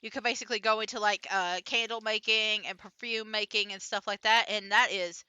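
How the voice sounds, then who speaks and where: A woman's voice: medium pitch, steady tone, a little fast, bright, forceful tone, clean tone, no room sound. A young adult woman streaming a farming game, chatting casually with lots of fillers, restarts and giggles. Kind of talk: casual gameplay commentary.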